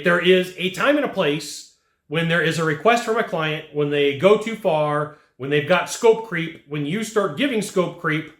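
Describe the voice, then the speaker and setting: With a slightly high, fairly bright voice, a man teaches sales directly to camera. The sales trainer, in an echoey room, stresses his points emphatically through repeated phrases.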